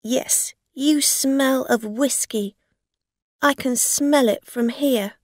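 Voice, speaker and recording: A woman's voice: sits high, slow pace, no room sound, clean studio sound, pitched above the performer's own voice. A woman voicing a scheming con woman who makes blunt, accusing demands.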